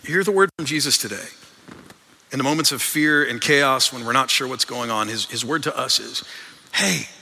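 A man's voice: medium pitch, a little fast, sharp tone. A man preaching a sermon as a pastor, earnest and conversational, often repeating his words as he goes. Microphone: microphone. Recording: long reverb in a large hall.

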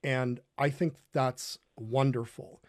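A man hosting an online faith talk show, speaking earnestly and pausing on fillers. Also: medium pitch, fairly even intonation, no room sound, clean studio sound. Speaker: host.

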